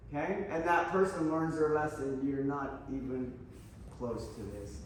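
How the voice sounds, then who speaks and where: A man's voice: fairly high pitch, steady tone, normal speed, a little hiss or hum. A man teaching an aikido class, blunt and profane, pressing his students with challenging questions. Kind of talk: mat-side teaching talk. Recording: very echoey hall, voice from far off.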